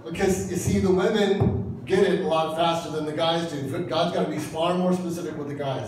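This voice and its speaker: A man's voice: fairly high pitch, steady tone, moderate pace, noisy background. A man in his fifties, a pastor giving a humorous sermon and acting out little dialogues in different voices. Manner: jokey, acts out dialogue in voices. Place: church hall. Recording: very echoey hall from far off.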